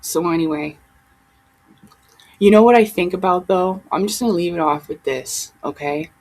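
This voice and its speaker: A woman's voice: fairly low pitch, normal speed, darkish tone, poor audio. A woman vlogger talking straight to her viewers in a heated, rambling, profane monologue. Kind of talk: casual ranting monologue.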